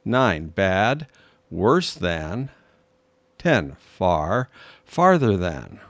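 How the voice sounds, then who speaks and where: Guy teacher reading grammar rules slow, lots of ups and downs in his voice. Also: low-pitched, big pitch swings, a bit bright, no room sound, dull audio. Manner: reads grammar rules and examples in careful, measured steps. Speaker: English teacher. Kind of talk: slow, deliberate language lesson reading.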